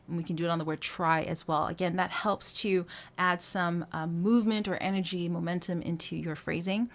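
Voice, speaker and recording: A woman's voice: on the low side, steady tone, brisk, a bit bright. A woman vocal coach giving a singing lesson, explaining technique in a casual way and breaking into short sung phrases to demonstrate. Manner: casual, thinks aloud with fillers.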